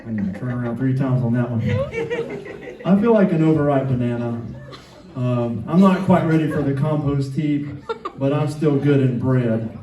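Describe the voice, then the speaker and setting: A fifty-something comedian from Atlanta speaks with a Southern accent through a rambling, self-deprecating stand-up routine at a club with a live audience. His mid-range, dark-toned voice moves at normal speed. A distant mic captures the echoey room and laughter from the crowd.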